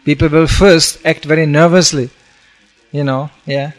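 A man's voice: on the high side, steady tone, a little slow. Storytelling man preaching a sermon. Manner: storytelling with acted-out quotes, frequent "you know". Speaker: monk preacher.

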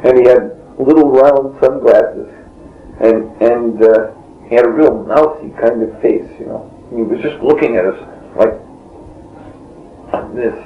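A man's voice: medium pitch, measured pace. Man, interview, rambling story, frequent chuckles, muffled echoey tape. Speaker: monk telling his story in an interview. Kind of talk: casual spoken storytelling. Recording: dull lo-fi tape in a roomy space, faint hiss.

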